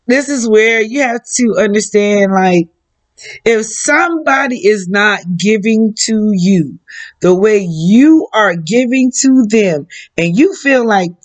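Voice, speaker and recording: Woman psychic reader, unhurried and drawn-out delivery, frank and plain-spoken, mid-pitched voice. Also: expressive. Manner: slow, drawn-out, blunt and frank with casual swearing. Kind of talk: relaxed spoken reading for viewers.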